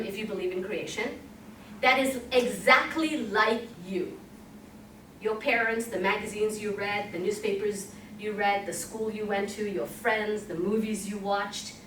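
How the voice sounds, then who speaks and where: A woman's voice: medium pitch, fairly bright tone. A woman giving a motivational talk at a conference, speaking with emphasis and putting questions to the audience. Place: conference room. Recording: echoey hall, voice from a distance, faint hiss.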